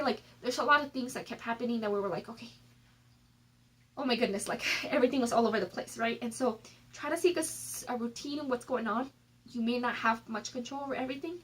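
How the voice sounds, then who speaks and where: A woman with a somewhat high, husky voice talks straight to the camera about personal growth. She is candid and chatty and fills her talk with "like" and "um", as in a casual advice vlog recorded on a phone. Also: fast talker, rough recording. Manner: candid and chatty, many fillers like "like" and "um". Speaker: personal development vlogger.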